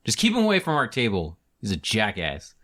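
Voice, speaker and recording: A man's voice: on the low side, huge pitch swings, a little fast, fairly bright tone. A man voicing an annoyed male tavern brawler who speaks bluntly. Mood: irritated. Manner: irritated and blunt.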